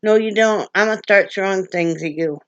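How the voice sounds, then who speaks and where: An older woman from Wyoming, vlogging in casual, rambling chat to her viewers, emotional and quick to laugh. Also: mid-range voice, smooth, dry recording, lo-fi sound. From Wyoming, USA.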